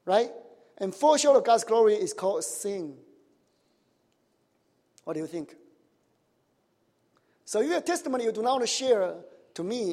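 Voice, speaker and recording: Male pastor, high voice, sermon with questions to the room, tags like "right?", nonnative grammar, big hall reverb. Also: a little mellow.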